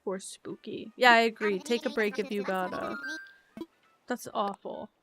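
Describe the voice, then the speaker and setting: A woman streamer chatting casually while gaming. She rambles and is self-deprecating, teary and quick to laugh. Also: mid-range voice, steady tone, over music. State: teary, emotional.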